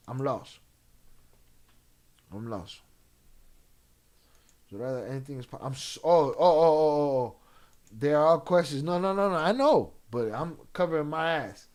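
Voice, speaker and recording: A man's voice: medium pitch, a little mellow. A man streaming and reading chat in a loose, profane way, dropping in Spanish slang. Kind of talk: casual live-stream chat.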